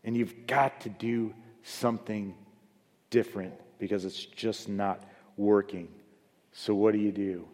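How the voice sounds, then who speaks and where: A man preaching a sermon as pastor. He swings between loud, high emphasis and low, quiet asides. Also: fairly even intonation, measured pace. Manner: rises loud and high for emphasis, then drops low and soft. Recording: long hall reverb.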